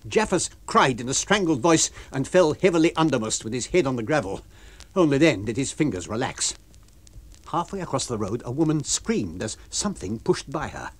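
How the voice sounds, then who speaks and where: A man reading a novel aloud for radio, with an expressive, varied storytelling delivery. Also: mid-range voice, normal speed. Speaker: reader.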